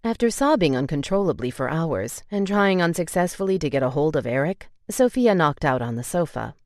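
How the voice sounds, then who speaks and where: A woman's voice: sits low, expressive, brisk, a little mellow, no room sound, clean studio sound. A woman narrating a romance audiobook in an emotive way, voicing the tearful heroine's lines with feeling.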